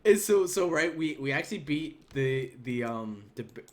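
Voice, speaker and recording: Heavy background noise surrounds this gaming podcast host, whose voice is on the high side at a moderate pace. Telling his stories with animation, he acts out quotes through abrupt jumps in his voice.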